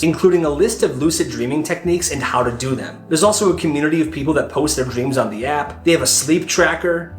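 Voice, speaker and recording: A young man telling stories and giving tips in a casual, playful way. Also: a little high. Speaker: short-video creator. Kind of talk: casual storytelling and comedy skits. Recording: light guitar music behind.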